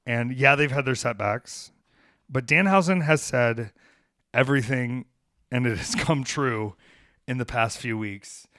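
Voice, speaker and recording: A man hosting a podcast, telling a story in a casual, animated way. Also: mid-range voice, unhurried, no echo, studio quality. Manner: animated, acts out quoted voices. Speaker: podcast host, pro wrestler.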